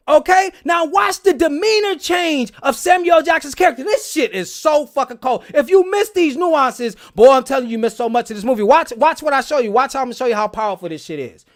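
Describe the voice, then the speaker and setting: Brief: male film commentator, very high voice, emphatic and preachy. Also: expressive, brisk, hardly any pauses. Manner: emphatic, preachy, swears a lot, repeats phrases. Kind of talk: excited casual commentary.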